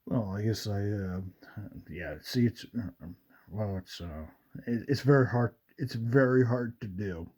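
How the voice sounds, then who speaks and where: In a relaxed radio chat, a male host wanders through retold movie scenes with many fillers and quoted lines. He speaks at a measured pace in a low, slightly mellow voice.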